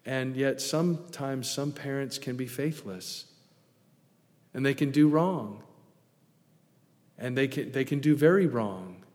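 A middle-aged male pastor preaches in an easy, folksy way, drifting into asides. His voice sits at an ordinary middle pitch. A long reverb from the church hall trails each phrase. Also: measured pace, a little mellow. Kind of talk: sermon.

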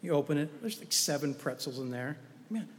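Guy preaching, pretty high voice, chatty and jokey, big echoey hall. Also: fairly quick. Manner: conversational storytelling with humorous asides. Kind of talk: sermon.

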